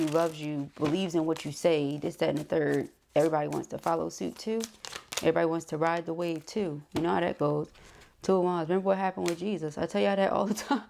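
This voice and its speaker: A woman reads tarot in a low, gravelly voice with lots of vocal fry. She talks fast and eagerly, sometimes tripping over herself and laughing it off. The feel is casual and chatty. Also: darkish tone, a little hiss or hum. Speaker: tarot reader.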